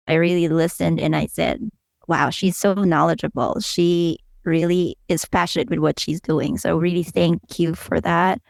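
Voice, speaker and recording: Gravelly-voiced woman podcast co-host. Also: on the low side, dry recording, studio quality. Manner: earnest, effusive thanks with laughter. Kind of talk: casual podcast chat.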